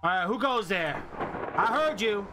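A man streaming a horror game live, reacting excitably and reading on-screen text aloud. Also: sits high, moderate pace, background noise. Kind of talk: live horror gameplay commentary. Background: game music.

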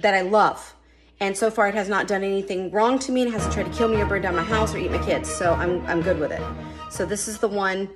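A middle-aged woman, chatting casually to viewers while demonstrating a home recipe in her kitchen. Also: medium pitch. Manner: chatty, folksy, talks straight to viewers. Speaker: home cooking vlogger.

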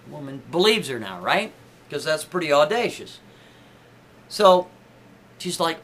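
A man with a fairly high voice spins a loose, conversational story. He talks casually and jumps up in pitch to stress his points. A faint hiss runs under the recording. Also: very animated, unhurried, long pauses, a bit bright. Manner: chatty, conversational, swings his pitch up for emphasis.

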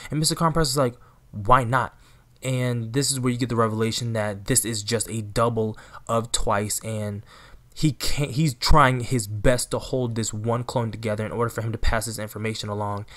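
A man's voice: medium pitch, fairly even intonation, moderate pace, a bit bright. A man in casual recap commentary, talking straight to his viewers and often checking in with "right?" and "you know". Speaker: anime recap channel host.

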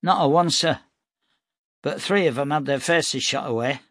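Eager polite lad, put on by a male reader, raised pitch, dry. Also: moderate pace, a bit bright, no echo. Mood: earnest. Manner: earnest, polite. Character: eager young male cadet hopeful.

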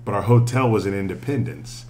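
A man co-hosting a podcast, telling a travel story with lively, casual swearing. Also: on the low side, fairly quick, faint music behind. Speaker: podcast co-host. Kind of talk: casual chat.

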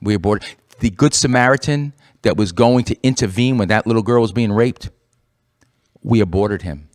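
A man's voice: on the low side, a little fast. A man co-hosting a Christian radio talk program, preaching with passion and repeating phrases for emphasis. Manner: impassioned, rising to forceful emphasis. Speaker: radio show co-host.

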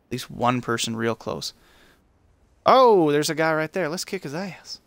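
A man's voice: fairly high pitch, normal speed. A young man streaming a shooter game, commenting casually to himself and taunting the players he beats. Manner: excitable, talks to himself and to enemies. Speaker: gaming streamer.

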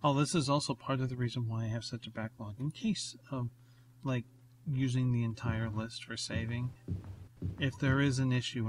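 A man's voice: medium pitch, steady tone, moderate pace. A man casually commenting on his gameplay, thinking aloud in a rambling, self-mocking way. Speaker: let's play host. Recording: noisy recording with clicks.

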